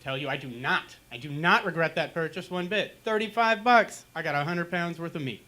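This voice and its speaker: A young man on a small lounge stage doing stand-up into a handheld mic, his voice bright and a little high for a man. He tells dark jokes deadpan and now and then acts out pained groans. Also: a little fast. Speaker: stand-up comedian. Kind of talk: stand-up comedy set.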